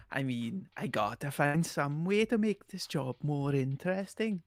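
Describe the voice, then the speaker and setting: A dreamy, imaginative young woman who works at an arcade, put on by a man reading her lines aloud. She drifts through her words slowly and girlishly, with a lilting voice that rises and falls. It is a playful take on a video game heroine. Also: a little high, no echo.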